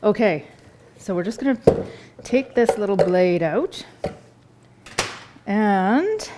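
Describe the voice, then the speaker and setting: A woman's voice: medium pitch, animated, slow, very noisy. A woman, a chef giving a live cooking demonstration in a store kitchen, chatty and enthusiastic as she tastes food while she talks.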